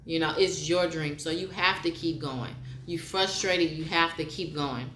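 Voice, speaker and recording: Unhurried and low-pitched, with a fairly bright tone, this woman vlogger recites a poem before moving into an earnest, repetitive pep talk. She's a motivational speaker delivering a frank personal monologue. Her recording carries a roomy echo and slight background noise.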